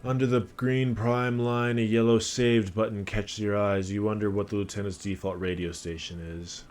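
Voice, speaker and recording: A man's voice: fairly low pitch, little pitch movement, normal speed, darkish tone. A man streaming a game, reading its narration aloud with casual asides to himself.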